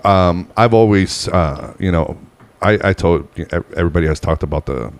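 A man's voice: low voice, moderate pace. A man hosting a podcast, laid-back and profane, with a lot of fillers. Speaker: podcast host. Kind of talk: casual podcast chat.

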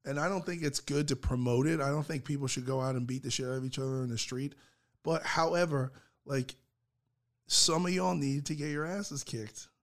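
A man's voice: mid-range voice, normal speed. Profane, rambling podcast host, man. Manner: profane, rambling, animated storytelling. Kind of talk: casual chat.

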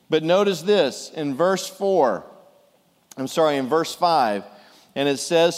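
A middle-aged man preaching a sermon as a pastor, animated and jokey as he tells the story. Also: on the high side, slow. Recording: long reverb of a large hall.

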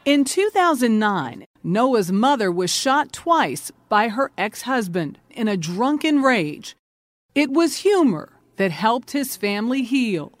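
A woman correspondent narrating a news feature in a measured, polished reporter delivery. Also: fairly high pitch, big pitch swings, no room sound.

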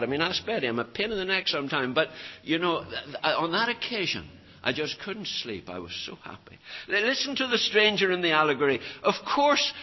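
A man's voice: fairly high pitch, muffled recording. An older man preaching a sermon in a church, earnest and emphatic, often repeating his phrases. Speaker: pastor.

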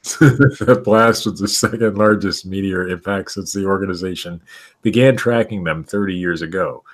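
Brief: low male podcast host, reads news clumsily, keeps cracking up. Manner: reads stories haltingly, laughing through them. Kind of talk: casual chat reading news aloud.

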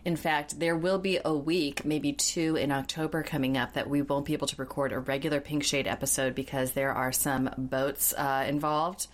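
A woman's voice: low voice, steady tone, moderate pace, few pauses, slight background noise. A woman hosting a podcast, talking casually and bluntly about reality TV, swearing and sarcastic, and reading out a plug for the show. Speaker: podcast host. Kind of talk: casual recap chat.

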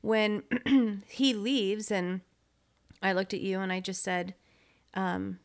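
A woman's voice: mid-range voice, level tone, slow pace, vocal fry. Woman podcast co-host, casual chat, teasing, jumps in to finish sentences.

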